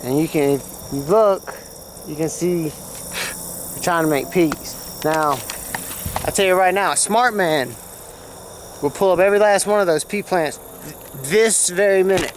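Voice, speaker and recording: Outdoors, a gardening vlogger gives a casual walk-through of his vegetable garden, chatty, folksy, and rambling. His voice sits high and unhurried, with long pauses and slight background noise.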